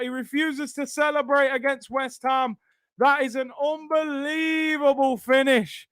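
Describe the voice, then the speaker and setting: A young man streaming a live football watchalong, reacting excitedly, shouting at big moments and bantering with his chat. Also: very high voice, a little slow, no room sound, clean studio sound.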